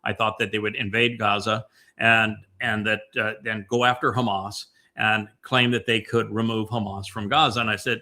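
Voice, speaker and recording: Bright-voiced man rambling through commentary. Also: medium pitch, fairly even intonation. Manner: meandering, many fillers and restarts; emphatic, slows down on key points. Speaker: podcast host. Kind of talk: casual commentary chat.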